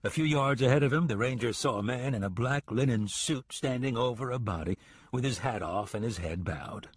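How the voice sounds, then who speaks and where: A man narrating a western audiobook in an even, measured storytelling voice, close to the mic. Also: fairly low pitch, breathy edge, dry recording. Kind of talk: scripted narration.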